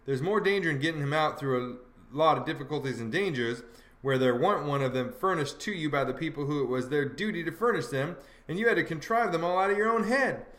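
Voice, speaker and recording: A man's voice: a little high, lively intonation, fast, fairly bright tone. A man voicing a bossy, know-it-all teenage boy who lectures in folksy dialect, in an audiobook reading. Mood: lecturing. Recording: roomy echo.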